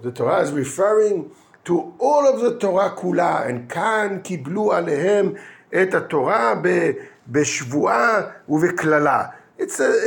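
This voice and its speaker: Man, rabbi, informal Torah talk; high voice with gravel, halting, mixes Hebrew terms into English. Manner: halting, with frequent restarts and fillers; asks and answers his own questions. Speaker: yeshiva rabbi giving a weekly Torah talk.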